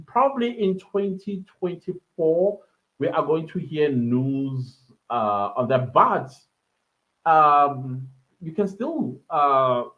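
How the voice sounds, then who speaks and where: Chatty South African man, lo-fi stream. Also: fairly high pitch. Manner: chatty, laughs often, many fillers. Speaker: podcast host answering live chat. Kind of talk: casual live-stream chat. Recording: dull lo-fi live-stream audio.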